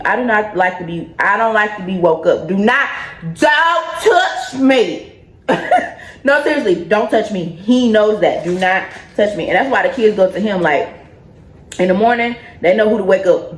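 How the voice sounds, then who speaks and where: A young woman in a casual pregnancy update vlog, chatty and loose, joking and laughing between her points. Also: mid-range voice. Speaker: vlogger. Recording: echoey room.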